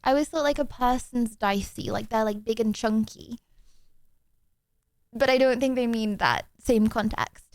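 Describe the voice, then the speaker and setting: High-voiced woman streamer, apologetic and excitable. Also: moderate pace, no room sound. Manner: excitable, rambling, often apologizing. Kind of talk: casual chat with viewers.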